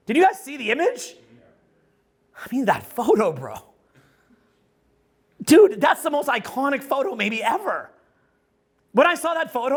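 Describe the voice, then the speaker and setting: With loud, excitable energy, a middle-aged social skills coach gives a rambling, swear-filled, casual talk to a live audience. His pitch is extremely high and his tone husky.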